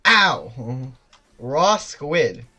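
A streamer gives running commentary on their game, full of constant swearing, self-mockery, loud outbursts, and laughter. The voice is medium in pitch, sing-song, and extremely slow.

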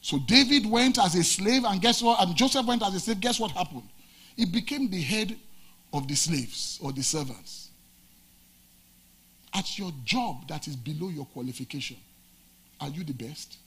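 Husky high-voiced male pastor preaching. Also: animated, moderate pace, long pauses, a bit bright. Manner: preaching with dramatic swings of pitch and volume. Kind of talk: sermon.

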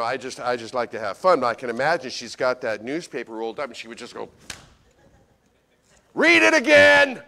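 A man preaching a Christmas sermon as pastor, folksy and animated, talking straight to his congregation and swinging from loud to hushed. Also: high voice. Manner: folksy, addresses congregation directly.

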